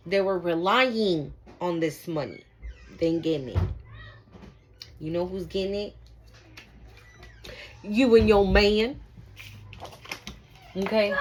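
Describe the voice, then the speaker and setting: A woman reading tarot cards for her viewers in a loose, chatty way. She hammers her points home, repeats lines for emphasis and swears freely. Her voice sits at a medium pitch. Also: slight background noise, poor audio. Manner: emphatic, repetitive, profane, addresses viewers directly. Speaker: tarot reader. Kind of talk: casual spiritual card reading.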